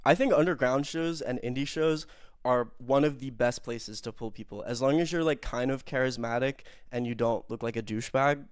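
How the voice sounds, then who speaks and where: A man's voice: medium pitch, moderate pace, clean tone, dry recording, studio quality. A young man telling a rambling, self-mocking story in casual chat, full of fillers and swearing.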